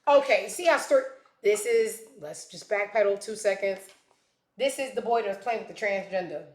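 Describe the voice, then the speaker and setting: A woman's voice: mid-range voice, moderate pace, darkish tone. A woman hosting a commentary show, talking bluntly and sarcastically with plenty of profanity. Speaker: show host. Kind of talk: casual commentary. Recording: echoey room.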